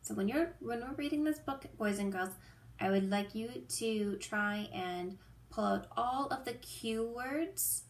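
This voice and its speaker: Slow, patient woman teaching small children. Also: a little high, reverberant. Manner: slow, patient, clear instructions. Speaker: preschool teacher. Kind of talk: lesson and story read-aloud for young children.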